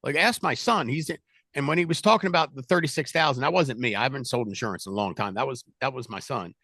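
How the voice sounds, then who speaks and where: Loud, gravelly-voiced sales coach man. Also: mid-range voice, fast talker, no echo. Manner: loud, animated, talks with his hands. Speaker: sales team leader. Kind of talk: casual coaching chat.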